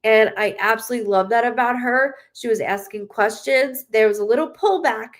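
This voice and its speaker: A woman's voice: on the high side, fairly quick. Emotional rambling woman medium. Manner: emotional, rambling, many fillers; relays spirit messages. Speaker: psychic medium. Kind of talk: live spirit reading.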